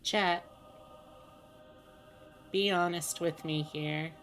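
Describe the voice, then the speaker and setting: A woman's voice: lowish voice, steady tone, very slow, a bit bright, soft background music. A woman streamer chatting casually to her viewers while playing, rambling and musing aloud with plenty of fillers.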